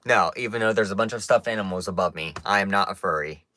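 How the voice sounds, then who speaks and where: A man's voice: low-pitched, fast, sharp tone, no echo. A man from Kansas chatting casually with his live stream viewers, playful and teasing, with lots of fillers. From Kansas, United States. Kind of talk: casual chat answering a live chat. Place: indoor room with stuffed animals.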